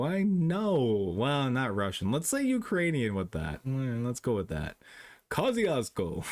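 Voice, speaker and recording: A young man from Canada, a streamer chatting casually with his live chat, rambling, swearing freely and laughing often. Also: medium pitch.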